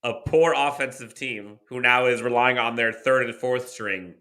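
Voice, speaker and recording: A man's voice: mid-range voice, normal speed, pushed and bright. A man co-hosting a sports podcast, rattling off team stats in casual chat with dry laughs. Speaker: podcast co-host.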